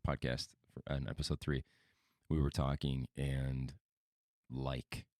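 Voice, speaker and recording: Laid-back wisconsin guy on a podcast, pokes fun at himself, really deep voice. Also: little pitch movement, slow pace, darkish tone, no echo, clean studio sound. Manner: laid-back, self-deprecating. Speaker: podcast co-host. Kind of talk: casual chat.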